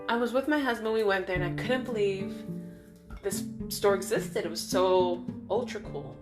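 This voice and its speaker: A woman's voice: mid-range voice, moderate pace. A woman vlogger telling an everyday story in a casual, emphatic way and acting out the voices she quotes. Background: guitar music.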